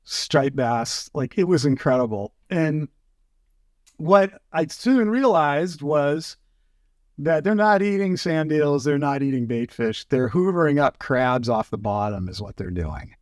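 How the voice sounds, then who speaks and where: A man telling fishing stories as a podcast guest, in casual chat, animated and full of fillers. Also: fairly high pitch, unhurried, no room sound, studio quality. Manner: animated, acts out quotes, many fillers.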